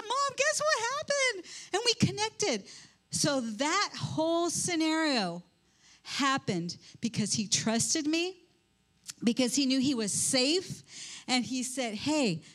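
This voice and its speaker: A woman's voice: high-pitched, a bit bright. An older woman speaking to a church group, telling a personal story with lots of restarts and acted-out quotes. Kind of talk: storytelling talk to a congregation.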